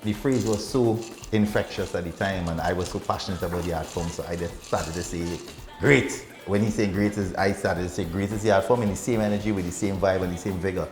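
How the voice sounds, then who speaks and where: A man's voice: sits low, steady tone, fast, hardly any pauses, darkish tone, roomy sound, soft background music. A man, a musician guest who speaks with passion and laughs often in casual conversation. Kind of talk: casual interview chat.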